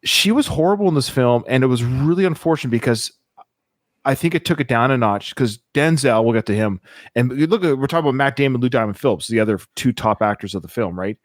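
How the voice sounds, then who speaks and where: A man's voice: mid-range voice, fast, no room sound. Opinionated man on a dry mic. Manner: animated, opinionated, restarts often. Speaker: podcast co-host. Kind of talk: casual film discussion.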